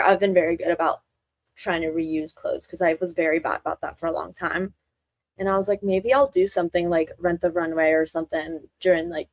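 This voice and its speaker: A young woman co-hosting a podcast, chatting in a relaxed way at one steady volume. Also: on the low side, no room sound. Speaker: podcast co-host. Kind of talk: casual chat.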